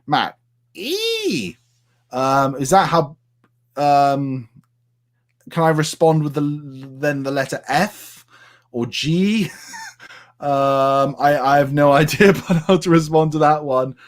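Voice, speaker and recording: A man's voice: a little high, very animated, slow pace, pauses often. A man from the United Kingdom chatting casually on a live stream and answering viewers' comments with plenty of fillers.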